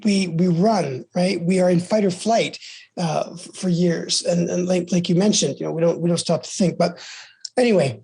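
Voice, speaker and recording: A man's voice: a little high, breathy edge. A middle-aged man from the United States, a podcast guest giving earnest, encouraging advice, often repeating words and restarting phrases. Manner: repeats words and restarts, soft trailing ends.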